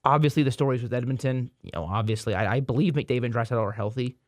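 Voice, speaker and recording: A man's voice: medium pitch, quick pace, no echo, studio quality. A man hosting a casual sports podcast, rambling through playoff picks with frequent restarts and repeated words. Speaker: podcast host.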